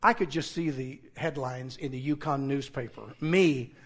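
A middle-aged male pastor preaching a sermon, quoting scripture and getting animated, nearly shouting when he retells his own confrontations. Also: mid-range voice, normal speed. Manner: animated, rising to near-shouting in retold confrontations.

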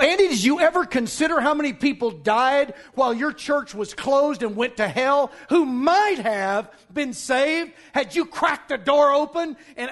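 A man preaching a sermon as pastor, emphatic and scornful, breaking into shouts. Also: extremely high pitch.

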